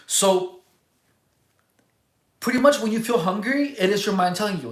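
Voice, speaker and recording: A livestream host chats casually and answers viewers' messages, rambling, halting, restarting sentences and hunting for words. The voice is mid-range and expressive, in an echoey room.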